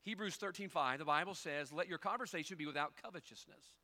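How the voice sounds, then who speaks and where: Pastor guy preaching, kinda high bright voice, folksy, goes from quiet to loud. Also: fast. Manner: swings from quiet storytelling to loud, climbing preaching; folksy, conversational preaching with rhetorical questions. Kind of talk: sermon.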